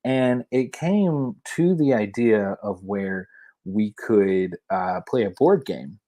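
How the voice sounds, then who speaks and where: A man's voice: on the low side, animated, takes it slowly, dark tone. A man in his thirties with a Southern US accent, a podcast guest chatting casually and rambling through restarts. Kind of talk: casual chat.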